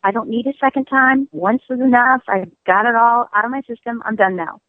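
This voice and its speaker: A woman guest on a radio show, talking in a playful, teasing way. Her voice is slightly high. It comes through a thin, tinny phone line. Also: brisk, dry recording.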